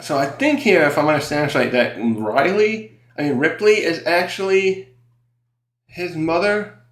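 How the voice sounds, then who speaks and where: A man's voice: a little high, expressive, moderate pace. A man reviewing a comic chapter in casual chat, rambling with many fillers, self-corrections and frequent chuckles. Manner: laughs often while recapping. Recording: roomy echo.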